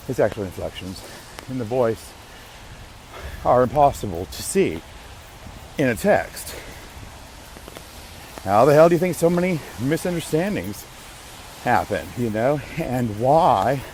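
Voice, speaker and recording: A man's voice: mid-range voice, sing-song, measured pace, pauses often, darkish tone, slight background noise. A man hosting a podcast, rambling casually to himself with restarts and the odd curse. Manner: rambling, self-interrupting, occasional swearing. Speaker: podcast host.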